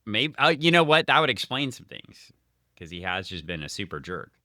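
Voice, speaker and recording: Deep forceful man, dry sarcasm. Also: very animated, normal speed, no echo. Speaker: comic book podcast co-host. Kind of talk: casual chat.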